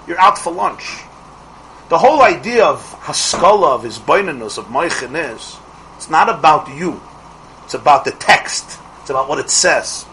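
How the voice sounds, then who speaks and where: A middle-aged man teaching a Torah class as a rabbi, asking rhetorical questions and restarting his phrases quickly. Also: a little high, animated, pushed and bright, slight background noise, poor audio.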